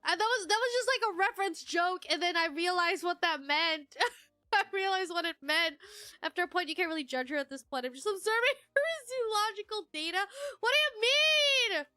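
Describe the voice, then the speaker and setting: A woman's voice: very high-pitched, brisk, bright, forceful tone, no room sound. A woman streamer chatting casually and reading chat aloud, giggly and rambling with lots of fillers.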